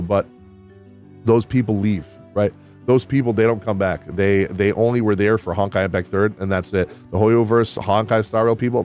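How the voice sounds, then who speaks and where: A man reviewing a video game update in casual, candid talk, excitable and quick to swear. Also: on the low side. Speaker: gaming YouTuber.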